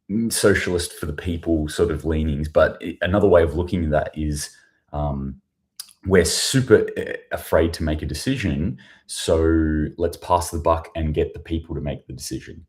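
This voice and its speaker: A host preparing a news show livestreams casually from a hotel room, his low, somewhat mellow voice carrying an Australian accent. He rambles, turns sarcastic and swears freely.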